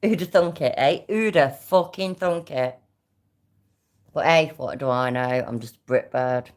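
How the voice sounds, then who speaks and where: A woman's voice: deep voice, unhurried, a little mellow. A woman with a British accent giving sarcastic, sweary casual reaction commentary. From Britain. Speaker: reaction vlogger.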